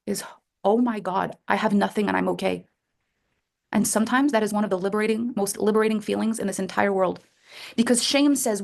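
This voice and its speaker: A woman's voice: medium pitch, moderate pace, vocal fry. A middle-aged woman, a life coach, talking to listeners in a coaching call and acting out inner voices with big jumps in her voice.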